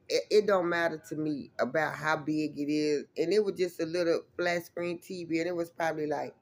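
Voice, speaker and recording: Her low voice moves briskly with few pauses and fairly even intonation. The vlogger spins a rambling, emphatic story in a casual way, swearing freely and calling her viewers y'all.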